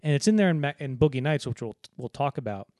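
A man co-hosting a film podcast in casual chat, rambling and acting out movie lines in quick put-on voices. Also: medium pitch, expressive, a little mellow, dry recording. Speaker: podcast co-host.

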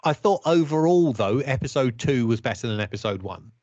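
A man's voice: medium pitch, animated, a little fast, a little mellow, no echo. Guy cohosting a podcast, wry and critical, dry dull-sounding mic. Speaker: podcast co-host. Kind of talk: casual review chat.

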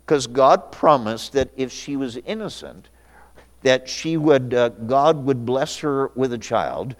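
Man, pastor, mid pitch, folksy sermon, reads scripture aloud, echoing church hall. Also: animated, slow. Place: church sanctuary.

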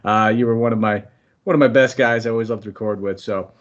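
A man's voice: lowish voice, fairly even intonation, fast talker, dull audio. A man from the United States hosting a sports betting podcast in an upbeat, friendly, rambling way. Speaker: podcast host.

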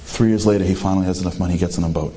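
A man telling a story in a sermon, animated and full of rhetorical questions. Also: sits low, rapid-fire, slight background noise.

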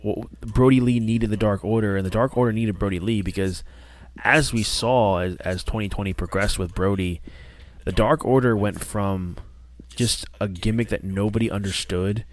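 Animated, rambling male podcast co-host. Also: lowish voice, moderate pace, no echo. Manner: animated, rambling, many restarts and fillers. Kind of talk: casual podcast chat.

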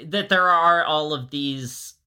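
A podcast co-host in loose, casual chat, joking and circling back with halting restarts. The voice is bright and sits at a middle pitch. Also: clean tone.

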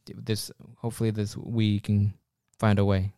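A man's voice: fairly low pitch, level tone, moderate pace, warm tone, clear, resonant tone, no echo, clean studio sound. A man co-hosting a casual podcast, rambling and joking at his own expense, often restarting his sentences. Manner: rambling, self-mocking humor with frequent restarts. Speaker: podcast co-host.

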